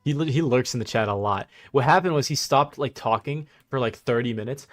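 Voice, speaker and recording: A man's voice: mid-range voice, brisk. Young male streamer, mocking, slangy, laughs often while commenting. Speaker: livestream host. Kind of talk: casual livestream commentary.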